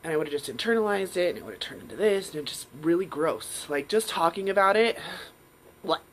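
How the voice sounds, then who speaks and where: A woman's voice: fairly low pitch, lively intonation, quick pace, a little hiss or hum, low-quality recording. Frank, swearing woman hosting a live stream. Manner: frank, profane, acts out her inner voices. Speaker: live show host. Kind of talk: candid live-stream monologue.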